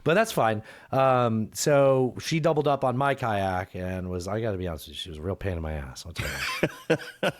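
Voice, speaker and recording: A man's voice: lowish voice, moderate pace. A man hosting a podcast, telling rambling, profane stories in a casual chat. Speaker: podcast host.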